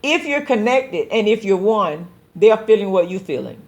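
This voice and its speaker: A woman's voice: medium pitch, big pitch swings, normal speed. A woman pastor hosting a call-in show, talking to listeners in an earnest, exhorting preaching style and often repeating words as she builds a point. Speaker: pastor and radio show host.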